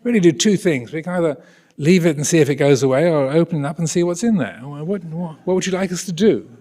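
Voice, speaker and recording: A man's voice: on the high side, fast, warm tone, pitched above the performer's own voice, lightly acted. A man putting on a pompous posh army surgeon. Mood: breezy. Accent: English public school. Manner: clipped, breezy, condescending politeness. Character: pompous upper-class British army surgeon, older man.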